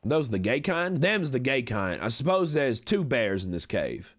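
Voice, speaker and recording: With a mid-range voice that swings widely in pitch at normal speed, a man acts out a slick cowboy conman, an adult male and a smooth talker, during a game roleplay stream. The put-on American Western drawl carries folksy, wheedling pitchman chatter, and the mood is scheming.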